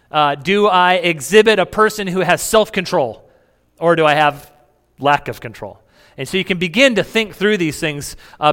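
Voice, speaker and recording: Chatty pastor in a reverberant hall. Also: male voice, high voice, bright, forceful tone, clear, resonant tone. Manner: conversational, asks the congregation questions; chuckles, many restarts. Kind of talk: sermon.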